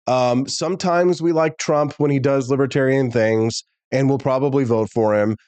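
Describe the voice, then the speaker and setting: A man's voice: mid-range voice, moderate pace, hardly any pauses, smooth, no room sound. Ranting male talk show host, dry sound. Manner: animated, ranting, talks straight to viewers. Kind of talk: opinionated political talk show monologue.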